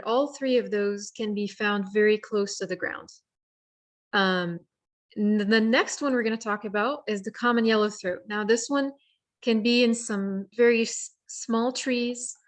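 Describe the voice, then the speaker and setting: Woman teaching a bird-song lesson. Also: a little high. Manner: friendly explanatory, with fillers and restarts. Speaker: workshop presenter. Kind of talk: virtual bird identification lesson. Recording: virtual program audio.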